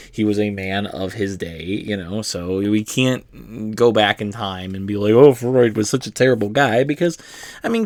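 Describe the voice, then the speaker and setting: A man's voice: lowish voice, dry recording, studio quality. A man giving a casual, rambling explanatory monologue as host, full of fillers and the odd swear word.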